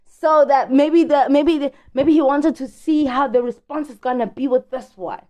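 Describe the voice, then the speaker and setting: A woman's voice: high-pitched, normal speed, a little mellow, highs cut off. A woman hosting a podcast, chatting casually about celebrity gossip in a slangy, chatty way and stretching words out for emphasis. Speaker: podcast host.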